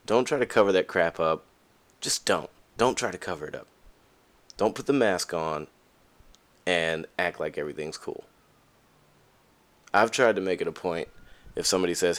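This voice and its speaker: Deep-voiced man with a lively delivery. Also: moderate pace, pauses often. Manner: candid, animated, acts out quoted voices. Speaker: podcast host. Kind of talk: casual podcast monologue.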